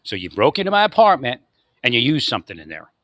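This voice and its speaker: Guy ranting at people who arent there, lively up and down voice, dry sound. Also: medium pitch, quick pace, no echo. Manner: angry ranting, addressing unseen opponents. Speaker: vlogger. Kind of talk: confrontational monologue.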